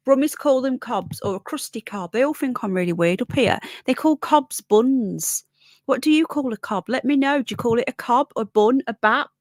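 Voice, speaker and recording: A woman's voice: a little high, moderate pace, dry recording, studio quality. Chatty Brummie woman on a livestream. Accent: Birmingham with a Yorkshire tinge. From Birmingham, England. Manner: chatty, rambling, greets viewers by name. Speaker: livestream host. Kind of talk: casual live chat, reading comments.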